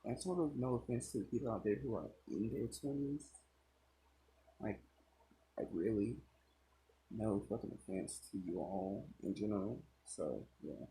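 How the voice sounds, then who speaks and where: Slow, rambling young storyteller man. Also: fairly low pitch, mellow, a little hiss or hum, low-quality recording. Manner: rambling asides, swears, many fillers. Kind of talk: casual fan-story narration.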